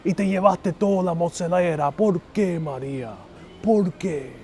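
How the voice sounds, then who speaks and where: A man's voice: high-pitched, normal speed, darkish tone, slight background noise, pitched above the performer's own voice. A man hamming up a melodramatic telenovela leading man. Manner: overwrought, pleading, theatrical. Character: melodramatic male telenovela lead scolding his lover. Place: city street outdoors. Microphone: phone on gimbal with wireless lapel mic.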